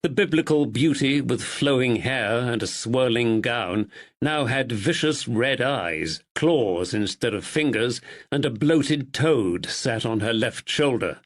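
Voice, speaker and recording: A man reading a mystery audiobook in a measured, expressive style. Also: medium pitch. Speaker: audiobook narrator. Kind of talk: scripted narration.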